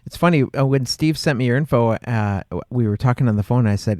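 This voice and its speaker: A man hosting a podcast, chatting in a relaxed, friendly way with fillers. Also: medium pitch, quick pace, no room sound, studio quality. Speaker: podcast host. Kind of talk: casual interview chat.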